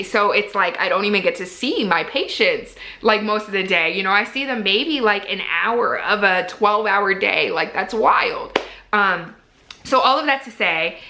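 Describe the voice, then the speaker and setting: A woman's voice: mid-range voice, bright, forceful tone. Chatty young woman in an echoey room. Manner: chatty, frequent "like" fillers, candid and earnest. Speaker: medical resident vlogger. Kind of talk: casual vlog talk to camera.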